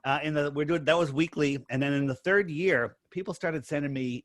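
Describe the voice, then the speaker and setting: With a fairly high, slightly bright voice and no echo in the recording, a middle-aged American man shares his story as a podcast guest. The interview is casual, and he tells it emphatically in short, quick bursts.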